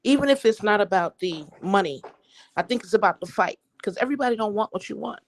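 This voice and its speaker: A woman's voice: medium pitch, lively intonation, fast, rough recording. A woman calling in to a talk show, blunt and skeptical as she questions a guest. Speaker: caller. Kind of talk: phone-in question.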